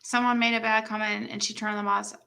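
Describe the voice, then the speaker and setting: A young woman runs a livestream, chatting casually as she tells a story and reacting to comments with lively exclamations. Her voice sits at a medium pitch, is gravelly, and moves at a brisk clip.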